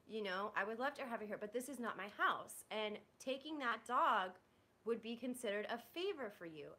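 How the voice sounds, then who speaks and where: This is a young woman venting live to her stream chat: blunt, frustrated, and profane, full of "like"s and restarts. Her voice sits on the high side with a sharp tone.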